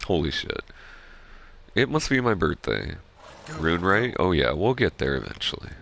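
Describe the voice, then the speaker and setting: Very deep, gravelly rambling gamer. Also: male voice, normal speed, slight background noise. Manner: rambling, excitable, swears freely. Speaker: gaming streamer. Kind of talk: casual gameplay commentary.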